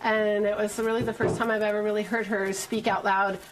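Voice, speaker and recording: A woman's voice: medium pitch, little pitch movement, fairly quick, very noisy. A woman preschool teacher telling classroom stories in an interview, in a heartfelt storytelling manner. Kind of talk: interview recounting classroom moments.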